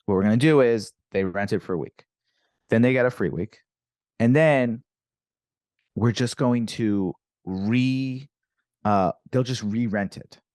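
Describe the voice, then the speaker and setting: A man's voice: mid-range voice, slow pace, long pauses, dry recording, studio quality. A man from Virginia, a comedian guest, telling stories in casual chat and acting out the people in them. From Virginia, USA. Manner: animated, acts out quoted exchanges.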